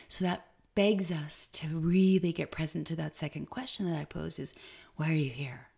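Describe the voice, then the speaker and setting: A woman's voice: deep voice, steady tone, normal speed, creaky, a little mellow. A woman hosting a solo spiritual podcast, talking in a rambling, stream-of-consciousness way with emphatic moments. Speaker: podcast host.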